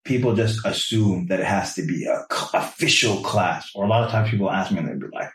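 A man with a notably deep voice talks in a relaxed, explanatory way, often restarting his sentences. He is set back from the microphone. The room around him rings with echo. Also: fairly quick. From New York. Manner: easygoing, explanatory, trails off and restarts. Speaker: guest, religious teacher. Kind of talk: casual interview chat. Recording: roomy echo, distant mic.

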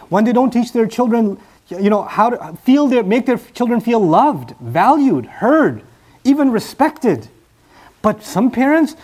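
A man's voice: high-pitched, darkish tone. A man preaching a sermon, earnest, repeating key phrases and asking the listeners rhetorical questions.

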